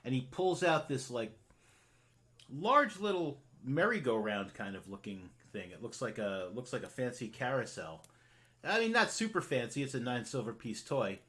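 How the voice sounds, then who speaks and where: A man's voice: medium pitch, lively intonation, moderate pace, fairly bright tone. A man narrating a tabletop game as game master, rambling and filling his talk with "like". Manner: rambling, full of "like" fillers.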